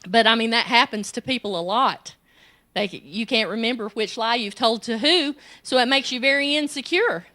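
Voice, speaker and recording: Lady giving a sermon, lots of stories, brightish voice a bit on the high side. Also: moderate pace. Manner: storytelling, acts out quoted child and self in high pitch. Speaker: women's ministry director, conference speaker.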